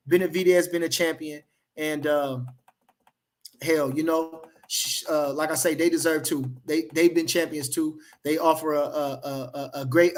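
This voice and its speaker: High-voiced chatty boxing streamer. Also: male voice. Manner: loose, repetitive, slangy, repeats phrases for emphasis. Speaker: boxing livestream host. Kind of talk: casual livestream chat reading comments.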